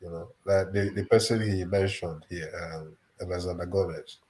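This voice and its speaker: A man's voice: low voice, steady tone, moderate pace, a little mellow, slight background noise, low-quality recording. A man calling into a talk show, speaking in a proud, emphatic way.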